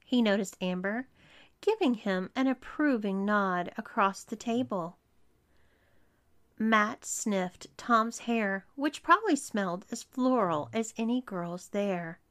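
A woman reading an erotic story aloud as its narrator, in an even storytelling delivery. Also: mid-range voice, slow pace. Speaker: erotica reader.

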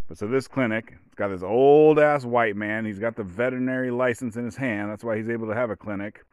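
Brief: late-forties male podcast host, low voice, rambling and profane, dry close mic. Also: clear, resonant tone, no room sound. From Oregon, USA. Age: 40s. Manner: meandering, profane, with frequent fillers and restarts. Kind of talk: rambling casual monologue.

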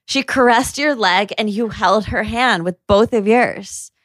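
A woman's voice: medium pitch, a little slow, no room sound. A young adult woman co-hosting a casual chat podcast, wry and teasing. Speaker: podcast co-host.

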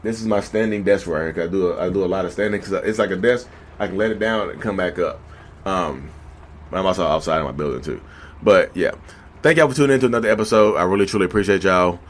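A man's voice: sits low, fast. A man talking casually and animatedly to his viewers at a standing desk, a little out of breath, repeating himself and calling them y'all. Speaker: vlogger. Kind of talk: casual talk to camera.

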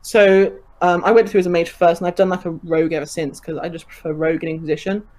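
A woman's voice: fairly low pitch, level tone, fast talker, a little mellow. A woman chatting casually on a podcast, enthusiastic and laughing often, with many fillers. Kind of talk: casual chat.

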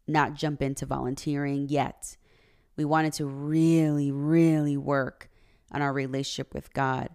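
A podcast host with a very deep, slightly mellow voice speaks earnestly and confessionally about her marriage and faith, at times growing emotional. Her tone is clear and resonant throughout this personal monologue.

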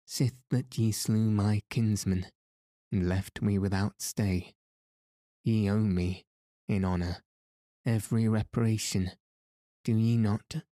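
A man doing a teasing little noblewoman, coaxing, mellow tone, dry sound. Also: on the low side, steady tone, takes it slowly, pauses often, no echo. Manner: playful, coaxing. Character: small, bold, teasing young noblewoman.

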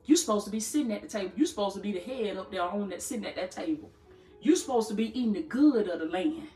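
A woman preacher and podcast host delivers a live-streamed sermon in a fervent, rhythmic style, repeating phrases and casually calling listeners "baby." Her medium-pitched voice is warm, quick, and full of lively intonation. The room is echoey, with faint music behind her.

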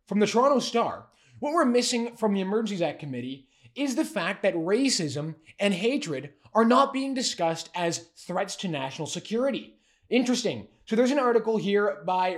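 A man co-hosting a political commentary show, talking in a sarcastic, mocking, animated way. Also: sits high.

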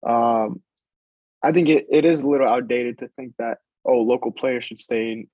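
A man's voice: medium pitch, moderate pace, a little mellow, no echo, lo-fi sound. A young man, a soccer player being interviewed, talking casually and hesitantly, with many fillers as he thinks aloud. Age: young adult.

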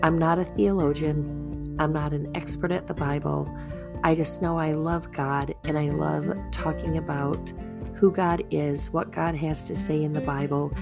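Slow, gravelly older woman podcaster. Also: low-pitched, music in the background. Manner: calm, chatty, self-deprecating. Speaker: podcast host. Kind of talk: gentle faith podcast talk.

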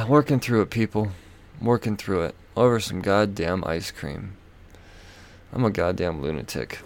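A man with a gravelly, low voice tells a story on his podcast, swearing constantly and making fun of himself. His pitch swings widely as he rambles along with fillers and asides. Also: lively intonation, normal speed. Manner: profane, self-mocking, frequent fillers and laughs. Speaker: podcast host.

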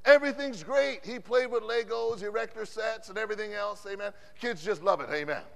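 A man preaching a sermon as pastor. He drops "amen" between phrases and swings from loud declarations to hushed asides. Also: high-pitched, a little fast, vocal fry. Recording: long hall reverb from a conference sanctuary.

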